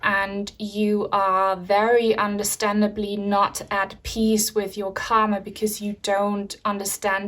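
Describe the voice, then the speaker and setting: A woman with a German accent speaks slowly and unhurriedly, at a middle pitch. She leads a pick-a-card tarot reading in a calm, soothing way, pausing now and then on an um. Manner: slow, soothing, with frequent ums. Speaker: tarot reader.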